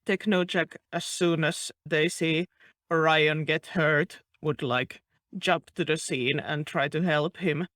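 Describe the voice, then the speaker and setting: Slow, rambling higher-voiced male player. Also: steady tone, fairly bright tone, no room sound. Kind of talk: casual tabletop play.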